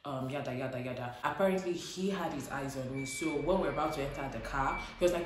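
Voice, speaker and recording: Nigerian woman vlogger, chatty and animated, plays out dialogue, very roomy echo. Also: very deep voice, fast, hardly any pauses, background noise. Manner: animated storytelling, acts out dialogue. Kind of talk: casual chat to camera.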